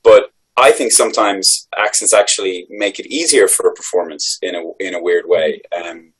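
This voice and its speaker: A man's voice: deep voice, moderate pace, breathy edge, poor audio. An Irish man, a voice actor, answering interview questions in a reflective, rambling way with many restarts. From Ireland. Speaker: voice actor guest.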